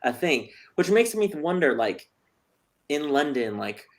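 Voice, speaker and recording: A man's voice: fairly high pitch, big pitch swings, a little slow. A man hosting a casual chat interview, joking and chatty with plenty of fillers. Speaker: host.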